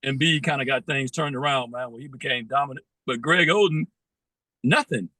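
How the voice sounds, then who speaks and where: A man's voice: medium pitch, a little fast, sharp tone, no room sound, low-quality recording. A man in casual sports chat, speaking steadily and plainly, often ending lines with "man". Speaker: podcast co-host.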